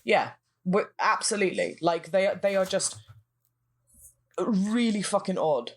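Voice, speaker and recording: A woman's voice: mid-range voice, expressive, measured pace, husky. A woman co-hosting a casual film podcast, blunt, sweary and jokey. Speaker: podcast co-host. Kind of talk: casual film-review chat.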